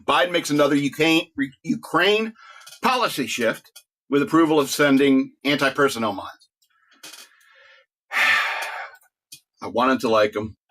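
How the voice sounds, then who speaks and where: A man's voice: a little high, a little slow, long pauses, fairly bright tone. A middle-aged man hosting a talk radio show, rambling casually, joking, laughing often and restarting his words.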